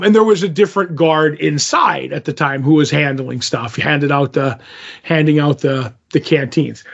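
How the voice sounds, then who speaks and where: High-voiced man telling an animated story. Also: gravelly. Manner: animated, acts out quoted dialogue. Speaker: podcast co-host. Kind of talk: casual storytelling. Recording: dull lo-fi audio.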